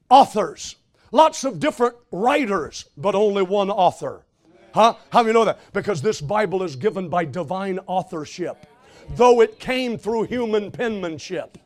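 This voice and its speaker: A man preaching a sermon, asking the congregation questions and quoting scripture, moving between loud exclamations and quiet passages. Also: high-pitched.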